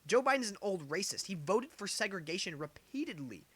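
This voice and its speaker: High, bright-voiced heated male commentator. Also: big pitch swings, fairly quick, husky. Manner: heated, gets worked up; rhetorical questions, repeats points. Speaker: political commentator. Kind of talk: opinionated political commentary.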